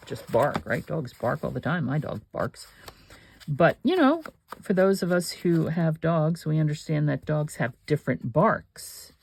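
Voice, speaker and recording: A woman's voice: sits low, lively intonation, a little slow, creaky, a little mellow, husky. A woman hosting a crafting video, chatting and thinking aloud with rambling asides while she works. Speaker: crafting channel host.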